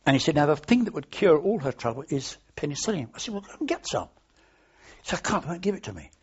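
A man's voice: on the high side, big pitch swings, quick pace, breathy edge. An older man, a war veteran, telling anecdotes in an oral history interview, rambling and restarting as he goes. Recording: dull lo-fi archive tape.

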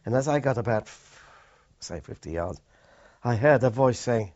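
An older man, a war veteran, recalling his experiences in a plain, halting way with many restarts. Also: medium pitch, animated, a little mellow. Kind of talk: oral history recollection. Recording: dull lo-fi recording.

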